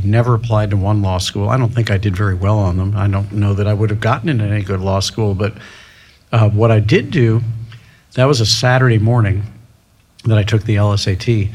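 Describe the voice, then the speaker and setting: A middle-aged man, a restaurateur, telling his story as an interview guest, animated and acting out the people he quotes. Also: fairly low pitch. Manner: animated, quoting others in lively voices. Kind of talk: storytelling in casual conversation.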